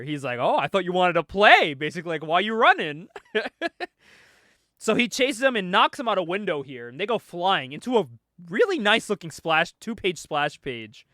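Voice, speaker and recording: Animated high-voiced man recapping comics. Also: no echo, clean studio sound. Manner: animated, laughs often, acts out quoted lines. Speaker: podcast co-host. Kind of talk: casual comic book recap.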